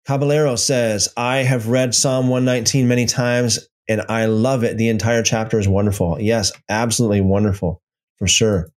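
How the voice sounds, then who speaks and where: A man's voice: fairly low pitch, steady tone, normal speed. A man hosting a livestream, telling a story loosely with many restarts and then reading out viewer comments. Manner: reads out and answers live chat comments. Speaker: livestream host. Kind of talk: casual livestream teaching.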